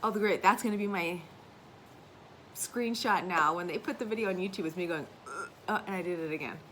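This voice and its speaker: A woman's voice: fairly low pitch, a little fast, a bit bright, slight background noise, rough recording. A woman in her thirties chatting casually to her viewers about her family and her stitching, rambling and laughing as she goes. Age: 30s. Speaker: craft vlogger. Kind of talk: casual chat.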